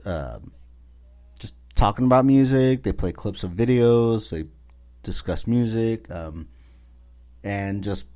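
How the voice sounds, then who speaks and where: A man's voice: on the low side, lively intonation, takes it slowly, pauses often, warm tone. A man hosting his own podcast in a rambling, profane casual monologue, full of filler words. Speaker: podcast host. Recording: dull lo-fi recording.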